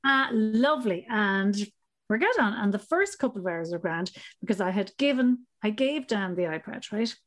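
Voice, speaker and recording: An Irish woman in her thirties, co-hosting a podcast, tells a story during casual chat at a moderate pace and medium pitch. She's animated, laughing as she acts out the different voices.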